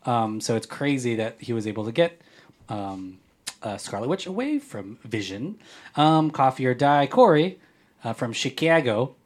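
A man hosting a relaxed podcast in a playful, jokey manner. He reads listener messages aloud and riffs on them. His voice sits at an ordinary middle pitch. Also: moderate pace. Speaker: podcast host. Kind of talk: casual podcast chat.

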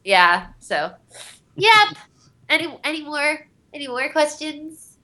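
Young woman voice actress rambling on a panel, lots of um and like, bright tone. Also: high-pitched, sing-song, takes it slowly. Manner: rambling, giggly storytelling with many fillers. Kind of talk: casual convention panel talk.

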